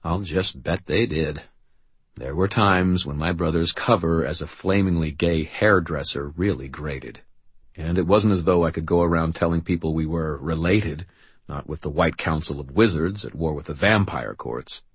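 A man narrating a novel in the first person with a dry, wry, deadpan delivery. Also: very deep voice, normal speed, breathy edge, no echo. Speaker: audiobook narrator.

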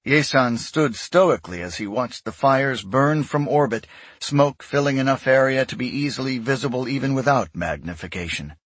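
A man giving scripted narration of a sci-fi story in a measured, even way. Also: medium pitch, no echo. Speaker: audiobook narrator.

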